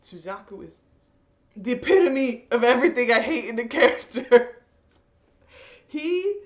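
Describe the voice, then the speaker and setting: A young woman ranting in an exasperated, animated vlog, laughing often. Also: sits high. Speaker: vlogger. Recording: echoey room, slightly dull.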